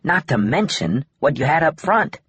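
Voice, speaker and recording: An eager, friendly colleague with a husky voice, bouncing up in pitch, as a male narrator puts him on. Heard dry and close like a studio read. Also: big pitch swings, moderate pace, a bit bright, no echo, heavily acted.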